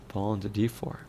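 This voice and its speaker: A man's voice: fairly low pitch, noisy background. A man who develops indie games, talking casually on a stream with lots of fillers and self-corrections. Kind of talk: casual livestream talk.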